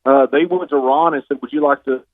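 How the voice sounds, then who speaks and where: A man's voice: medium pitch, fairly quick, dry recording. Man on a tinny phone line. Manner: relaxed storyteller, chuckles often. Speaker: guest, retired pro wrestler. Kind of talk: phone interview storytelling.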